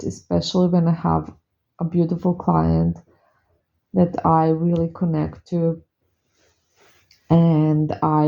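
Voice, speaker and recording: Woman vlogger and witch, earnest and confiding, lowish voice with vocal fry, unhurried. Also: dark tone, dull audio. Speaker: witch and spell caster. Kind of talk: confiding vlog monologue.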